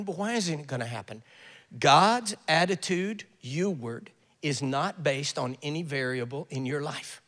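Older man preaching; high, lively voice; tells stories; hall echo. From US South. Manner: storytelling with acted quotes and joking asides. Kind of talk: sermon. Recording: echoey hall.

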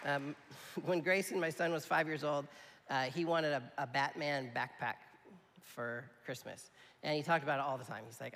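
A man's voice: on the high side, steady tone, moderate pace, a bit bright, some chatter behind, a little hiss or hum. A man preaching a sermon in a conversational, emphatic way, often checking in with his listeners. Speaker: pastor. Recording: long hall reverb.

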